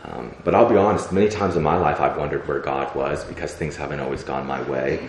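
A young man with an extremely deep voice delivers a sermon in a loose, conversational way, full of fillers and acted-out prayers. He sounds like he's in a reverberant church sanctuary with a faint hum of room ambience behind him. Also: fairly even intonation, brisk. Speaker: pastor.

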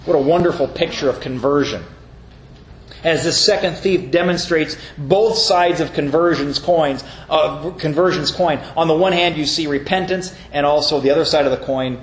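A man's voice: on the high side, moderate pace, a little hiss or hum. Earnest man preaching in an echoey room. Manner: earnest, reads scripture aloud with brief mocking voices. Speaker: pastor. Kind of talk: sermon. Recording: echoey room with faint ambience.

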